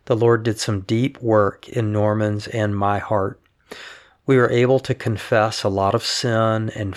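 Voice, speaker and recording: A man calmly reading his wife's written updates and a blog article aloud, in a measured voice. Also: fairly low pitch.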